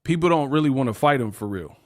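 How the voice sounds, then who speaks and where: A young man hosting a live boxing stream, talking in animated slang. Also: medium pitch, quick pace, no echo. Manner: animated, slangy, laughs at his own jokes. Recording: dry close mic.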